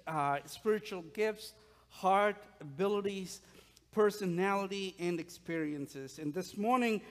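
A man with a high voice preaches to his congregation. He is playful and animated and keeps asking the room questions. His voice carries a long church reverb. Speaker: pastor. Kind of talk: sermon. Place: church sanctuary.

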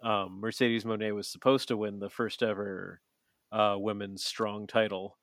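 A man's voice: on the low side, flat delivery, a little slow, fairly bright tone, no room sound. A man co-hosting a podcast in casual chat, swearing freely and rambling with lots of fillers. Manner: profane, rambling with many fillers. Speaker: podcast co-host.

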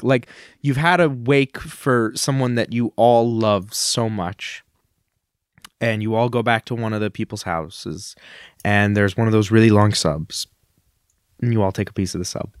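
A man's voice: on the low side, no room sound, studio quality. A man co-hosting a casual comedy podcast. He talks in an earnest, rambling way and drifts into grand speeches for laughs. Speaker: podcast co-host.

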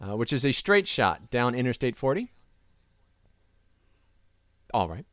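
A man's voice: mid-range voice, very animated, a little slow, a bit bright, dry recording, studio quality. A man hosting a casual comedy podcast, playful and often laughing mid-sentence. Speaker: podcast host.

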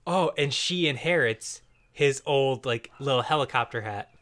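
A man's voice: medium pitch, normal speed, fairly bright tone. A man hosting a podcast in casual chat, joking around and laughing often. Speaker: podcast host.

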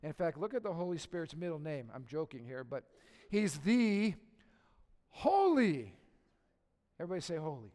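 A middle-aged male pastor delivers a conversational sermon in a slightly high voice, asking the congregation questions and mixing in humor. He moves between hushed, intimate stretches and loud, emphatic peaks. His voice carries a long reverb from a church sanctuary. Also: quick pace.

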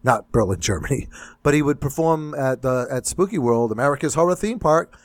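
A man's voice: medium pitch, expressive, a little fast, dry recording. A man from Massachusetts with a New England accent, co-hosting a podcast in casual chat, wry and laughing often. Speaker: podcast co-host.

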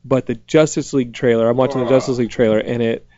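A man in his late thirties hosting a podcast in casual chat, animated, with quick squeaky acted-out asides. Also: dull audio. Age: late 30s. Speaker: podcast host. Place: studio.

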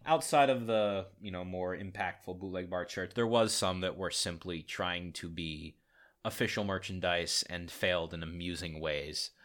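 A man's voice: low voice, moderate pace, fairly bright tone. A man hosting a podcast, giving a rambling, good-humored lecture with frequent fillers and laughs. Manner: rambling, laughing, self-deprecating. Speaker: podcast host.

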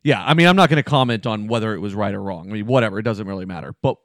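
A man's voice: lowish voice, rapid-fire, a bit bright, dry recording. A man co-hosting a podcast, chiming in with short dry quips during casual chat. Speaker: podcast co-host.

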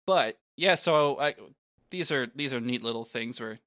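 Chatty, bright-voiced podcast guy. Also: mid-range voice, normal speed, no room sound, studio quality. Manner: laughing, loose and chatty, swears. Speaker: podcast co-host. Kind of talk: casual chat.

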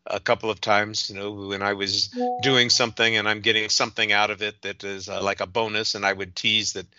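A man guesting on a casual movie podcast, his voice strikingly bright and sharp. He talks in a wry, teasing way. The sound is dry and close, with a slightly dull lo-fi quality. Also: lowish voice, smooth, dry recording.

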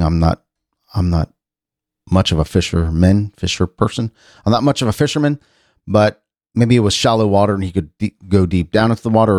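Heard on a dry studio recording, a middle-aged man with a low, darkish voice hosts a casual radio-style chat show. He reads out news items, musing aloud and rambling with plenty of restarts.

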